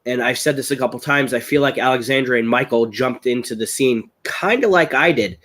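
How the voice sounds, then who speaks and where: An American man at an ordinary pitch chats on a live webcam stream while a little unwell. He tells long stories in a rambling, excitable way and gets loud when the story heats up. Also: brisk. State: ill, voice strained. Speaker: guest, chili-eating champion. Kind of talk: casual live-stream chat. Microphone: webcam on a live video call.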